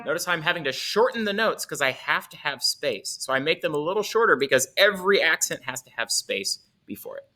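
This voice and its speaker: A man's voice: a little high, big pitch swings, a little fast, few pauses, sharp tone. A man teaching a music lesson, explaining in an upbeat, playful way with little asides.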